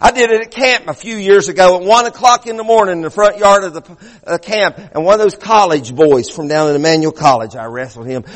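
A man's voice: high-pitched, brisk, long reverb tail. A middle-aged male pastor preaching a sermon, fervent, restarting phrases and repeating words as he builds.

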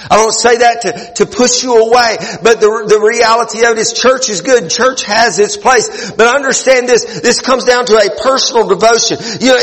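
A man's voice: very high-pitched, fairly bright tone, long reverb tail. A man preaching a sermon, earnest, often repeating and restarting phrases for emphasis. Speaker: pastor.

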